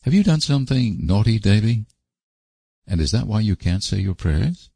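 A man voicing a gentle, kind young woman who talks to a child patiently in a storybook reading. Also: lowish voice, big pitch swings, normal speed, creaky, slightly rough, no room sound, voice pushed up, full character voice. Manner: soft, patient, coaxing.

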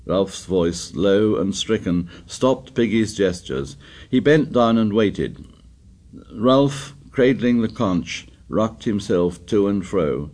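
A man narrating an audiobook in a measured, steady reading voice. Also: sits low. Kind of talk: scripted narration.

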